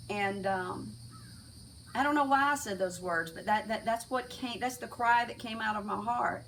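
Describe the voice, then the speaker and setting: A middle-aged woman telling her personal faith testimony in a halting way, with many restarts and fillers. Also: mid-range voice, fairly bright tone, distant mic, a little hiss or hum, rough recording. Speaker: testimony speaker.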